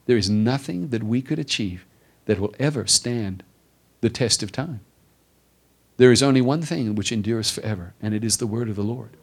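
A male pastor delivering a sermon at a middle pitch. He builds through repeated, emphatic phrases, then sinks to low, quiet stresses. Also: moderate pace, breathy edge. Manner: preaching with rising emphatic repetition.

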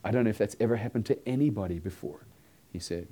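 A man preaching a sermon, earnestly telling a story and acting out the dialogue, sometimes dropping to a hushed tone. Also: lowish voice, quick pace, breathy edge.

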